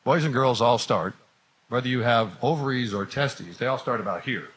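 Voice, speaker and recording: A man's voice: medium pitch, moderate pace, fairly bright tone, breathy edge. A man teaching a class, talking casually with playful, wry asides. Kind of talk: joking classroom talk.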